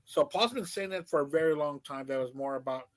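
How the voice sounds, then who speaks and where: A thoughtful male podcast co-host who talks things through with some hesitation. His voice sits slightly high for a man. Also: fairly quick. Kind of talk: casual chat.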